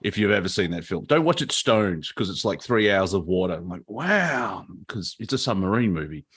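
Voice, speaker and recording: A man's voice: low-pitched, expressive, fairly quick, fairly bright tone, slightly rough. A man, co-hosting a comedy chat on a video call and telling rambling jokes and stories. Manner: rambling, joking storyteller. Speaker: comedian co-host.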